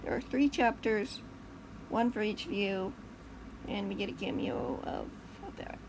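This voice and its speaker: A woman's voice: medium pitch, a little slow, background noise. A woman casually reading her own short story aloud, chatty, fixing slips as she goes and laughing at her asides.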